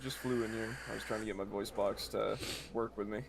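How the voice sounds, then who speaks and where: A man playing a debonair, regal gentleman in stiff formal speech, heard over distant in-game voice chat. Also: lowish voice, fairly even intonation, a little fast, vocal fry, crowd noise.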